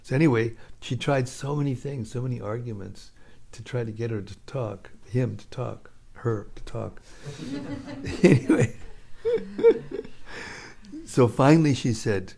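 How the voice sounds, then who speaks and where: Gravelly-voiced man telling scripture stories. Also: medium pitch, big pitch swings, unhurried, warm tone. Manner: casual storytelling, chuckles often. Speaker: scripture class speaker. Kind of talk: informal scripture talk.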